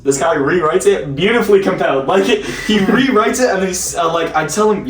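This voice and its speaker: Rambling male host, laughs through his stories; a bit high, roomy distant sound. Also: fast talker, few pauses. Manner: rambling storyteller, laughs often. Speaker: podcast host. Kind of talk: casual chat. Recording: echoey room, distant mic, faint noise.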